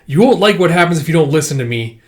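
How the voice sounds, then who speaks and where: A man's voice: on the high side, animated, fast talker, voice pushed up, close to an everyday voice. A man voicing a bossy young male healer who scolds his patients. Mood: scolding. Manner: scolding, raised and sharp.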